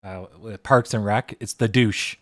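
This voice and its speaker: A man hosting a casual livestream, talking in a relaxed, loose way and swearing freely into a desk microphone. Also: lowish voice, a little slow, no echo, clean studio sound. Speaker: livestream host.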